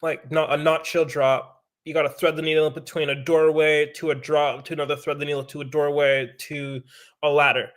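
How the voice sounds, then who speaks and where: Man, podcast guest, somewhat high pitch, casual animated storytelling, acts out quotes. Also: fairly quick. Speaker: podcast guest, pro mountain biker.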